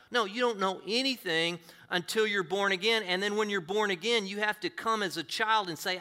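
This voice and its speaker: A male pastor delivers an earnest sermon in a bright, forceful voice sitting a little above the usual male range. He talks in a conversational way and keeps asking his listeners rhetorical questions. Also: high-pitched, normal speed, few pauses.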